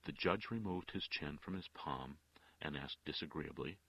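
A man narrating an audiobook with measured, expressive storytelling. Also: very deep voice, gravelly, breathy edge, no room sound. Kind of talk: audiobook reading. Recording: dull, dry lo-fi recording.

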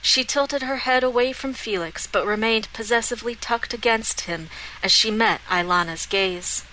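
A woman reading a fantasy novel aloud as an audiobook narrator, in a smooth, even storytelling manner. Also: on the high side, normal speed, slight background noise, rough recording.

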